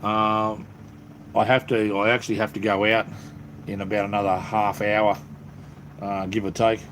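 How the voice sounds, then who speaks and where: A middle-aged Australian livestream host talks at a moderate pace in a fairly low, level voice with a slightly bright edge. Rambling and laid-back with many ums, he streams from the cleared-out space under his house, over a little hiss or hum.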